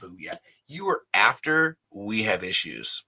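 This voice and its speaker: Rambling, bright-voiced podcast host, a man. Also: lowish voice, big pitch swings, slow pace, breathy edge. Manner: rambling, affectionate, swears, restarts. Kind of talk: casual chat reading comments.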